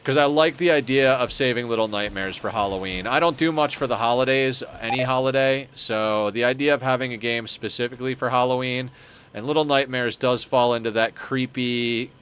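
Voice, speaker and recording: A man's voice: medium pitch, a little fast, a bit bright, clean tone. A man casually commenting on his game as he plays, chatting with viewers and thinking aloud. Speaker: streamer.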